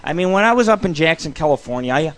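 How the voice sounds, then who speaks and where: A young adult man hosting a show from his home studio, ranting in a loose, swearing, excitable way. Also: fairly high pitch, fast talker. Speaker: radio show host. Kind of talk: profane rambling monologue.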